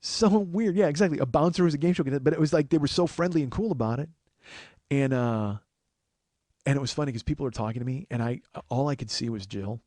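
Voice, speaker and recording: A man's voice: mid-range voice, quick pace, warm tone, dry recording. A man hosting a podcast, telling a long personal story in a rambling casual way, acting out what others said. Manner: rambling, with restarts and acted quotes of others. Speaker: podcast host.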